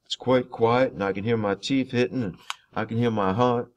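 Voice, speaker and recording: A man reading a novel chapter aloud in first person, in a steady, unhurried storytelling way. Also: mid-range voice, highs cut off.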